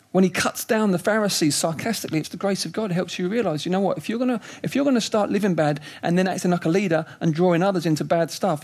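A middle-aged man delivers a sermon in a fairly high voice. He is animated and emphatic, dropping into quiet reflection and then rising with urgency. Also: vocal fry, breathy edge. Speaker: preacher.

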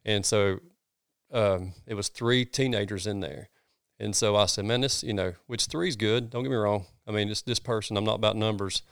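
A man's voice: fairly low pitch, steady tone, moderate pace, gravelly, fairly bright tone, smooth, no room sound, clean studio sound. A middle-aged man from North Georgia with a Southern accent, an earnest pastor telling his story in a casual interview with folksy sayings. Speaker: pastor, guest.

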